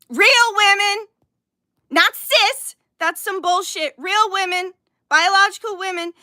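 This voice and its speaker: A woman who reads cards on a live stream, ranting heatedly and yelling with plenty of swearing. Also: extremely high pitch, no echo, studio quality. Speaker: livestream card reader.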